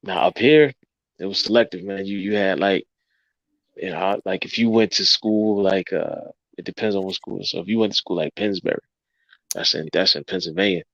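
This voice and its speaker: A man co-hosting a podcast, reminiscing in a relaxed way with many pauses and fillers. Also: deep voice, vocal fry, dry recording, lo-fi sound. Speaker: podcast co-host. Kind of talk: casual chat.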